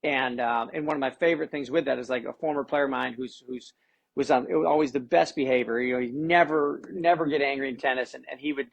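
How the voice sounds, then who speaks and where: A man's voice: medium pitch, steady tone, fast talker, vocal fry. A middle-aged man, a tennis coach and podcast guest, talking casually and with animation, often repeating words as he starts a thought. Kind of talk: casual conversation.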